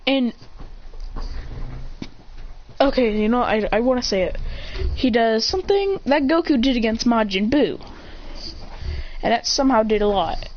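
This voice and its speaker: A speaker excitedly retelling a fan-made story, rambling and breaking into shouted sound effects and voiced lines. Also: mid-range voice, unhurried, long pauses. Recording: dull lo-fi mic with faint hiss.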